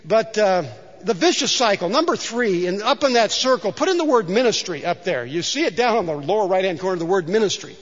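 A man's voice: high voice, expressive, fairly quick. A male pastor preaching a sermon in a church, talking conversationally with asides and rhetorical questions. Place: church sanctuary. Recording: dull sound with long hall reverb.

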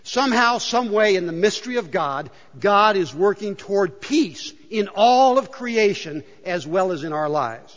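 A man's voice: high-pitched, animated, unhurried, hardly any pauses. A man preaching a sermon to his congregation, emphatic and full of rhetorical questions. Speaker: pastor. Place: church sanctuary. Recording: dull, reverberant church hall.

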